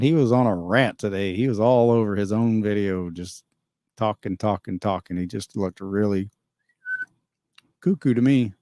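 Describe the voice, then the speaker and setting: Reading chat on a casual livestream, this male host gives meandering, opinionated replies punctuated by frequent chuckles. His voice is fairly low and warm, and he talks at a moderate pace.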